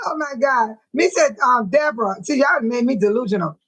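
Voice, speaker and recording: A woman with a high, bright-pitched voice hosts a casual live stream. She reads viewers' comments aloud in loose, slangy speech and keeps breaking into laughter. Her talk is aimed straight at the audience. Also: lively intonation, normal speed, slightly rough, low-quality recording. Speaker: livestream host reading the chat.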